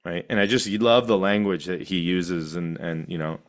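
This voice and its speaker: A middle-aged man teaching a meditation class, animated and laughing often, with playful asides. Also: deep voice, moderate pace.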